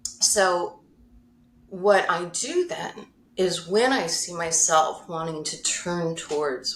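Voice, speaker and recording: A woman's voice: on the low side, slow, a bit bright, slight background noise. A woman guest in a conversation, telling a personal story openly and emotionally, laughing often and correcting herself as she goes. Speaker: podcast guest, mindfulness facilitator. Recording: roomy echo.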